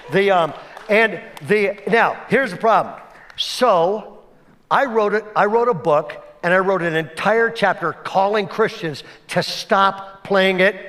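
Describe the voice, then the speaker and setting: A male pastor giving a conversational sermon, swinging between emphatic and hushed delivery and often checking in with his listeners. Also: high-pitched. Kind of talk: sermon storytelling.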